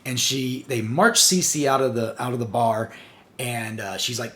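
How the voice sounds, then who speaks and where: A man hosting a review channel, retelling a comic's plot in a casual, excited way with frequent chuckles. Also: mid-range voice, normal speed.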